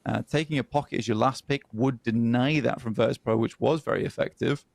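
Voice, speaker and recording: A man casting an esports match, breaking down the draft in a measured, analytical way with frequent ums. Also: mid-range voice, fairly even intonation, creaky, a little mellow, no room sound. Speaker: esports caster.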